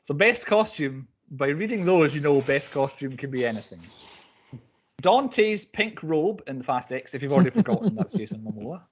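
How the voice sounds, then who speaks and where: A man hosting a casual podcast chat, brisk and joking as he runs through award nominees. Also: fairly high pitch, sing-song, slight background noise. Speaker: podcast host.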